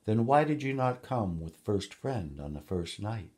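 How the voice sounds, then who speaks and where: A man reading a story aloud and voicing a wise, firm woman who speaks louder and higher than his narration. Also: very animated, measured pace. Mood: firm, mocking. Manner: raised, laughing, commanding.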